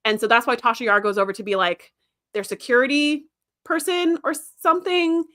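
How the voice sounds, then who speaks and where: Chatty woman host, casual livestream commentary, laughs often, sharp bright tone. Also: fairly high pitch, fairly even intonation, fairly quick.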